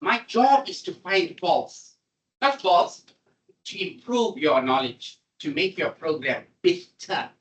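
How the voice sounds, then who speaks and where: A man giving a classroom programming lecture, animated and repetitive as he coaxes his students along. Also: sits high, slow pace. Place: lecture room. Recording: voice distant from the mic.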